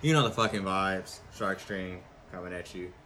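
A young man with a deep, low voice chats easily on a stream. He talks in a laid-back, slangy way. A steady noisy hum runs behind him the whole time. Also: normal speed. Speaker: stream co-host. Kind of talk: casual chat.

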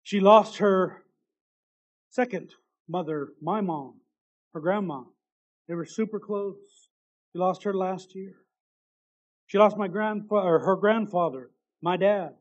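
A man preaching, his voice sitting high for a man. He reads a testimony in an impassioned sermon style, swinging from loud, ringing lines down to hushed ones. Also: slow pace, pauses often, lo-fi sound.

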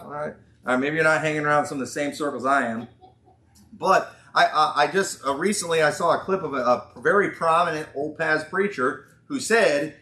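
Speaking a little high with a sharp tone, a man with a Southern accent preaches at a church conference. He's folksy and sarcastic, lengthens his words when quoting, and the church hall around him is echoey.

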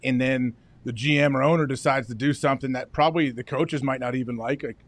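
A man's voice: mid-range voice, steady tone, fast talker. A man, a former football player who co-hosts a sports talk show, giving easygoing opinions and laughing along.

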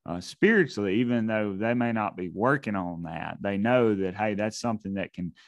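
Male interview host, low-pitched, loose filler-heavy questions, dry mic. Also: moderate pace, no room sound. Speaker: podcast host. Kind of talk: interview conversation.

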